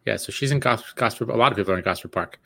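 A man in a casual chat, chiming in with quick quips and reactions. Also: fairly low pitch, gravelly, sharp tone, no room sound.

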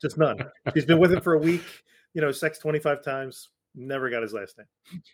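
A man's voice: on the high side, normal speed. A man in casual chat about a TV series, eagerly retelling favorite scenes with plenty of laughter.

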